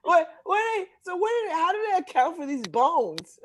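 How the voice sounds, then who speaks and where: A woman's voice: extremely high pitch, sing-song, moderate pace. An American woman hosting a talk show, chatting casually and laughing often as she teases her guest. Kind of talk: casual chat.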